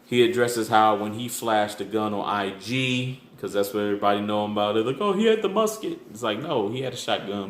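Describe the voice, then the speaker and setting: A man's voice: lowish voice, fairly bright tone. A man hosting his channel, chatting casually through an album track by track, loose and full of fillers and restarts. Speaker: music reviewer, channel host. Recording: echoey room with faint background noise.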